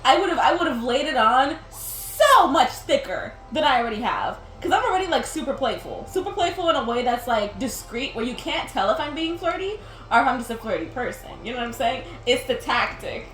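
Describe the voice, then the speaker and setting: Young woman gamer, rambling chatty diary-style talk, bright high voice with big swings, roomy room, soft game music behind. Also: sing-song, a little fast. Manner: rambling, chatty, laughs a lot, says like often. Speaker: gaming video host. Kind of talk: casual chat while playing a game.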